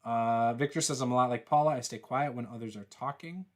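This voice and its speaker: A man talking in an easy, rambling way as he hosts a casual chat, his voice sitting at an ordinary middle pitch. He teases his co-host and reads out viewer comments as the game master. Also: brisk. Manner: relaxed, teasing, rambling with fillers.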